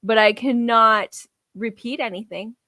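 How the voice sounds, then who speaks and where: A woman's voice: on the high side, steady tone, unhurried, bright, forceful tone, no echo. A woman co-hosting a casual podcast, rambling and laughing at herself. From Canada. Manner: laughs a lot, rambling, self-deprecating. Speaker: podcast co-host. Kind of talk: casual chat.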